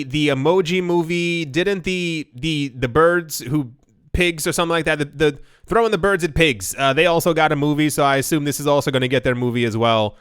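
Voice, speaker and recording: A man's voice: a little high, a bit bright, clean tone, no room sound, clean studio sound. A man hosting a casual crypto news video, rambling into asides and self-deprecating jokes.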